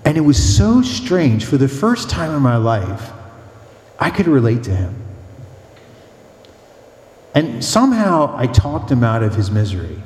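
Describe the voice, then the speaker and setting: A man preaches a mission talk as a priest, telling anecdotes with rhythmic repetition and a lively delivery. His voice is mellow and warm. It rings through a church hall with a long reverb. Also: mid-range voice, a little slow, pauses often.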